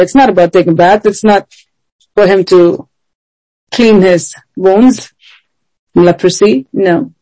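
A woman preaches in an earnest, emphatic manner and keeps pressing her listeners with rhetorical questions. Her voice is warm and mellow, at an everyday pitch for a woman. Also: steady tone, takes it slowly, long pauses, poor audio. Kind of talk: sermon.

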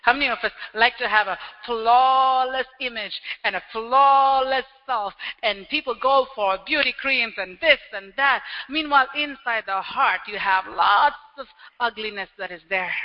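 A man preaching a sermon as pastor, animated and acting out everyday scenes with quick little quoted voices. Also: extremely high pitch. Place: church hall. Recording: dull lo-fi sound with long hall reverb.

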